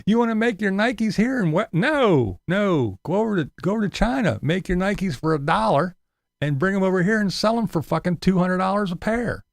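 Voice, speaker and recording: A man's voice: high voice, animated, a little fast, gravelly, dry recording, studio quality. A man ranting profanely on a casual live stream, sarcastic and mocking. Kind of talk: casual livestream rant.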